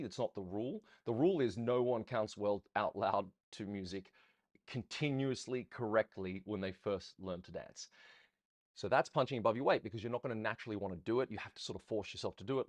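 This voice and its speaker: A man teaching ballroom dance in a rambling, chatty Q&A style, often counting beats out loud. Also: medium pitch, no echo. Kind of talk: casual teaching Q&A.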